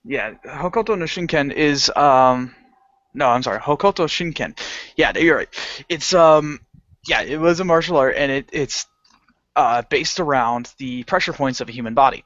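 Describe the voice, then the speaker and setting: A man's voice: mid-range voice, moderate pace, a bit bright, dry recording. A man co-hosting a casual podcast chat who rambles and laughs often. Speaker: podcast co-host. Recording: dull lo-fi dry sound.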